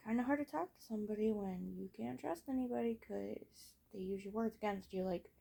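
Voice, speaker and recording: A teenage girl talks through her own life story in a casual, rambling way, full of fillers and blunt swearing. Her mid-range voice carries a gravelly fry, and she lets many sentences fade off softly at the end. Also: mid-range voice, a little fast, hardly any pauses. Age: late teens. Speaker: vlogger.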